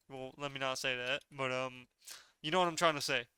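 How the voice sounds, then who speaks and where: A man's voice: a little high, quick pace, pushed and bright, clean tone, no room sound. A man giving casual gameplay commentary as a gaming video creator, rambling loosely with lots of filler words.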